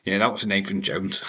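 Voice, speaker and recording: A man's voice: lowish voice, a bit bright, slightly rough. Blunt, sweary man ranting about wrestling. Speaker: wrestling watch-along host. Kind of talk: casual opinionated commentary.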